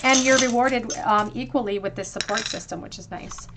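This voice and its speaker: A woman giving a pick-a-card tarot reading to viewers, talking gently and reassuringly and thinking aloud with frequent ums. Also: on the high side, moderate pace, very noisy. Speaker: tarot reader.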